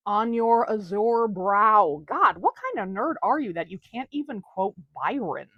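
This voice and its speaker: A woman's voice: medium pitch, lively intonation, unhurried, dry recording, lo-fi sound. A woman voicing a bawdy, teasing female ghost over a century old, in a comedic audio drama. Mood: mocking. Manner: crude, teasing, mocking.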